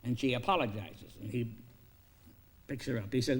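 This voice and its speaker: A filmmaker pitching a film story, energetic and profane, acting out each scene as he goes. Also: moderate pace, long pauses, breathy edge.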